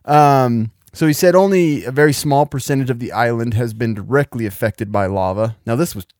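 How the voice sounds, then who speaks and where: A man's voice: medium pitch, a little fast, a little mellow, no echo, studio quality. A man co-hosting a podcast in a casual chat, with wry, joking banter. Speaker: podcast co-host.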